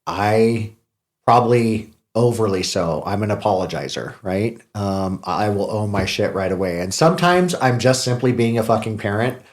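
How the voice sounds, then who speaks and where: A man's voice: lowish voice, normal speed. A middle-aged man, a podcast host, talking in a casual, heartfelt conversation, candid and self-deprecating and swearing freely.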